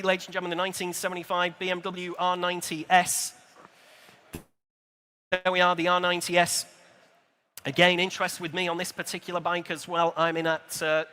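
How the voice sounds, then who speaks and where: A man calling a live auction, rattling off bids in a brisk, chatty patter with dry little asides. His voice sits high and bright, cutting through. Long reverb trails off the walls of a large exhibition hall.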